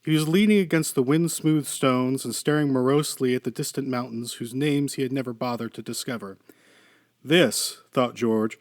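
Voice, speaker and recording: A man reading a short story aloud in a measured, steady narration. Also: mid-range voice, no echo, clean studio sound. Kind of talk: scripted narration.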